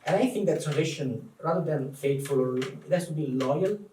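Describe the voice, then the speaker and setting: A man's voice: a little high, normal speed. Italian-accented man, distant in an echoey room. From Italy. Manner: thoughtful, animated, many restarts. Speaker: guest translator. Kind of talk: live public conversation. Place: event room before an audience. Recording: echoey room, distant mic, faint noise.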